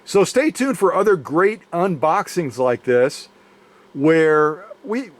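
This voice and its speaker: This sewing machine restoration channel host has a voice on the high side with lively intonation, and he takes it slowly. In his home workshop he chats casually through an unboxing to camera, rambling and tossing in playful jokes.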